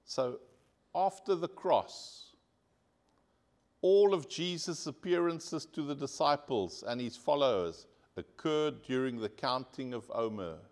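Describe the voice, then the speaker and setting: A male pastor preaching a sermon to his congregation, earnest and direct, asking the people for an amen. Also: medium pitch. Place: church.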